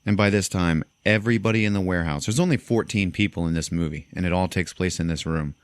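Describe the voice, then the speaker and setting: Speaking fast, a young podcaster with a deep voice walks listeners through a film one scene at a time, loose and animated, switching into high voices for characters. The audio is close and dry, with no room sound.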